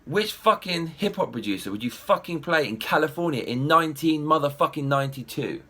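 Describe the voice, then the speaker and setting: A young man giving a profane, animated ranting film review. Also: fairly high pitch, a little fast. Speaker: movie reviewer.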